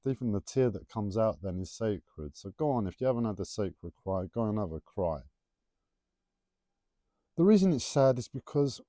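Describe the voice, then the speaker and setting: A man rambling through a casual spiritual musing, his pitch rising and falling a lot as he teases. His voice is mellow and soft-edged, and the recording is dry and close. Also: no echo. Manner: playful, rambling, teasing. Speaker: livestreamer.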